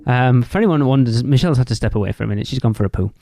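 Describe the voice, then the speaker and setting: A man's voice: medium pitch, racing, vocal fry, no echo, clean studio sound. A man co-hosting a fan podcast, chatting casually and joking around. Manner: joking, relaxed banter. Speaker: podcast co-host. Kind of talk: casual chat.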